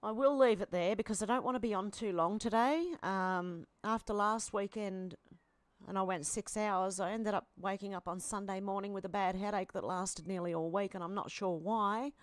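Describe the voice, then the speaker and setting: A woman's voice: mid-range voice, normal speed, no echo. An Australian woman hosting a live stream, casually reading out posts and viewer comments with chatty asides. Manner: chatty, reacts aloud, with asides and fillers.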